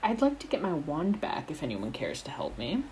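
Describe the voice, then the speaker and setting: A woman's voice: low voice, flat delivery, very slow, a little mellow, a little hiss or hum, poor audio. Woman reading as a shy teen boy, grumpy and mortified. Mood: grumbling. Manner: groaning, mortified. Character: grumbling teenage boy, easily embarrassed.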